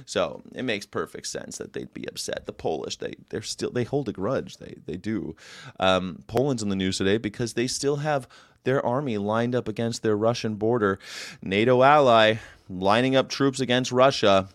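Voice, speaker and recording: Man, casual host chat, rambling jokey asides, fairly low voice. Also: lively intonation, moderate pace, no echo, clean studio sound.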